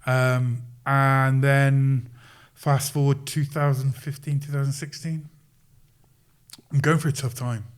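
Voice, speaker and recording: A man guest on a podcast, telling stories in an animated, casual way and acting out quoted voices. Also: medium pitch, slow pace, smooth. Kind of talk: casual storytelling.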